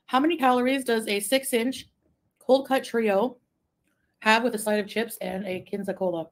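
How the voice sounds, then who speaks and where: A woman from Quebec chatting casually on a live stream, reading viewer comments, rambling and giggling, sometimes trailing off into a soft mumble. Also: fairly high pitch, steady tone, moderate pace. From Quebec, Canada. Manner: rambling, easily distracted, giggly asides. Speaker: livestreamer.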